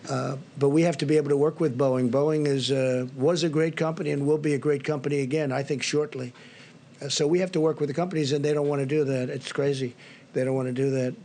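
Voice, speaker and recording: A man's voice: on the high side, steady tone, fast talker, mellow. An older man giving remarks at a press briefing, rambling and repetitive, piling on superlatives. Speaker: briefing speaker at press podium.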